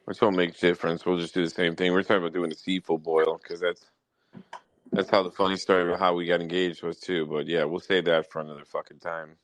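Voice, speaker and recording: This young adult podcast host has a low voice with little pitch movement and talks fast, telling foul-mouthed stories in a casual chat and working himself up. There's no room sound, though the recording is rough.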